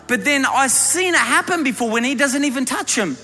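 A man voicing an excitable, chatty male hairdresser in a story told from the pulpit. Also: extremely high pitch, a little fast, pitched above the performer's own voice, exaggerated voice. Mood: amazed. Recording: long hall reverb with faint music.

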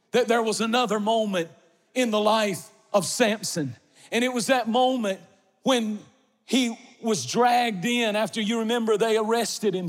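A man preaching an impassioned sermon, swinging from quiet stretches to shouted emphasis. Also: high voice. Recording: long reverb of a large hall.

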